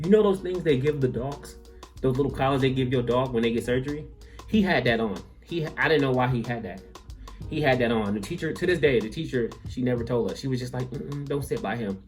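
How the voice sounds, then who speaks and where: A young man telling a comic story from his school days, full of "like" and quick asides. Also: medium pitch. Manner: animated, filler-heavy, lots of "like". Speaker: vlogger.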